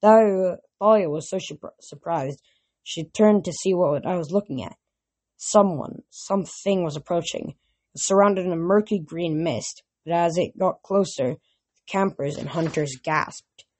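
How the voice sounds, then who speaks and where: Husky low-voiced woman reading aloud. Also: normal speed. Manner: plain, steady reading with small restarts. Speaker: narrator.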